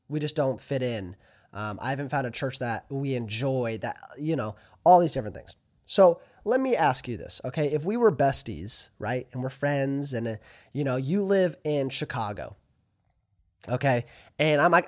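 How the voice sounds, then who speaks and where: Animated man preaching on a podcast. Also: a little high. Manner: animated, plays both sides of imagined conversations; direct, challenging, earnest. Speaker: podcast host.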